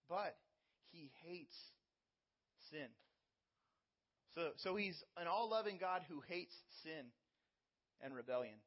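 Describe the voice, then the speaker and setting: A man with a fairly high voice preaches a sermon as pastor. He explains scripture earnestly and leans on everyday stories to teach. The recording is slightly muffled and lo-fi. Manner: earnest teaching with personal illustrations.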